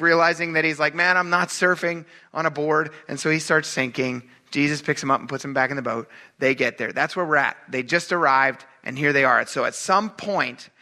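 Man, middle-aged pastor, chatty sermon, acts out quotes, bright tense voice, a bit high. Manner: animated, acts out quotes in raised voice; casual, chatty, asks congregation "right?".

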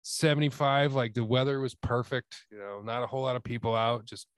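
A man's voice: mid-range voice, steady tone, brisk, dry recording, studio quality. A man as a podcast guest in casual chat, laid-back and profane, speaking with enthusiasm.

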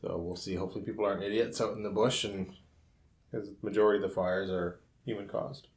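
A man's voice: lowish voice, steady tone, fast talker, darkish tone, roomy sound. A man co-hosting a casual firefighter podcast, speaking in a plainspoken, blunt way. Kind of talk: casual chat.

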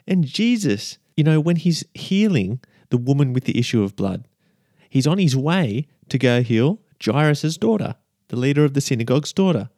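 Warm in tone and mid-range in pitch, this man talks at a normal speed with lively intonation, recorded in a clean studio without echo. He hosts a relaxed devotional podcast, chatting, checking in with listeners, and repeating his main points.

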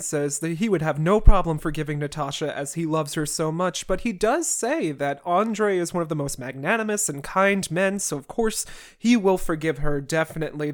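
A podcast host walks through a long classic novel in a loose comedic recap. The delivery is mid-pitched and chatty, and it breaks off often for sarcastic asides and roast jokes.

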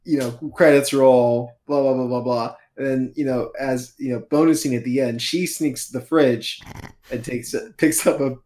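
A man's voice: medium pitch, fairly even intonation, moderate pace, a little mellow. Profane, playful podcast co-host man. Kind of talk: casual comedic chat.

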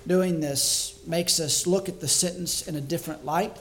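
A male evangelist preaching a sermon to his congregation, measured and reflective, slowing down to stress key words. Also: fairly high pitch. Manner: thinks aloud with small restarts.

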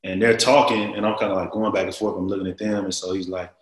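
A man in his forties telling a long story as an interview guest, rambling and animated, with many fillers. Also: deep voice, fast talker, reverberant, low-quality recording. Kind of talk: casual storytelling.

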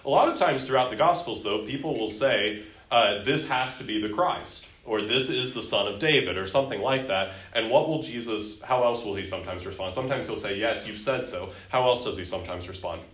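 A man's voice: on the low side, normal speed, echoey room, rough recording. A man teaching a Bible lesson to a class, asking questions and acting out the quotes. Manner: lively, quizzing students and acting out quotes.

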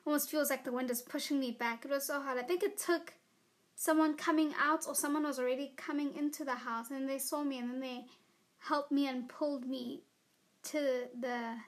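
High-voiced chatty teen girl. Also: moderate pace. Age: teens. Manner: chatty, lots of "like" and "you know"; giggly and animated. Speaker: podcast host. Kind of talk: casual storytelling monologue.

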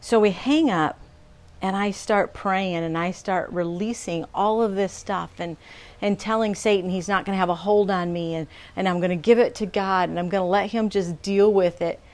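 A woman's voice: medium pitch, fairly even intonation, moderate pace, darkish tone. A middle-aged woman sharing a personal testimony in an earnest, conversational way, acting out the voices of people in her story.

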